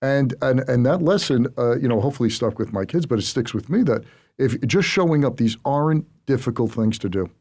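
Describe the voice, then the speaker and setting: A middle-aged man hosts a casual interview podcast, mid-pitched and conversational. He tells stories with energy, lifting his voice to stress a point. His delivery is easygoing and emphatic. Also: brisk. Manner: animated storyteller, rising emphasis. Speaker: podcast host.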